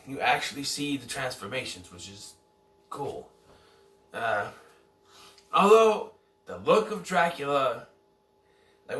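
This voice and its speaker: A man's voice: mid-range voice, pushed and bright. A man giving a casual, rambling movie review, often correcting himself and unsure of details. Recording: echoey room, somewhat far from mic.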